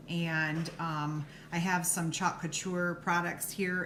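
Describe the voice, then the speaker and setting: A woman teaching a live craft tutorial, unscripted and halting, thinking aloud as she sets up and demonstrates. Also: fairly low pitch, a bit bright. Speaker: craft instructor. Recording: noisy live stream with clicking.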